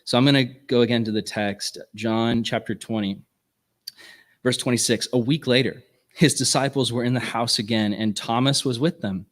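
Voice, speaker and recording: A man's voice: medium pitch, fairly even intonation, normal speed. A man teaching at a ministry workshop in an earnest, conversational way, often checking in with "right?". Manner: earnest, casual phrasing with frequent "right?" asides.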